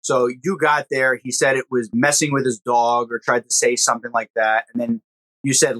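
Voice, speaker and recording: A man's voice: medium pitch, level tone, normal speed, a bit bright, poor audio. A man co-hosting a casual outdoors podcast who eagerly sets up his guest's stories. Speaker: podcast co-host. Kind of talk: casual interview chat.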